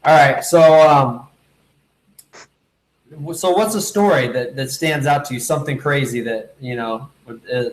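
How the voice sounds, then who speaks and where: A man's voice: mid-range voice, a little slow. Man, podcast host, easygoing, lots of fillers, echoey room, video call. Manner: easygoing, prompts with filler words. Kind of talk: casual interview.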